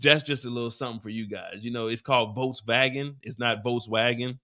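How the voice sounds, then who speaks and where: A man hosting a live recap show, retelling scenes in an animated, profane, comedic way on a streaming mic. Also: mid-range voice, fast talker, no echo, clean studio sound. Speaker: host.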